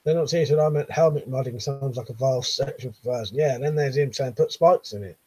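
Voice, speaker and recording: Husky-voiced Southern English man, casual stream chat. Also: medium pitch, quick pace, a little mellow, no room sound, rough recording. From Buckinghamshire, England. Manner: reads viewer comments aloud, laughs often, swears casually. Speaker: live-stream host.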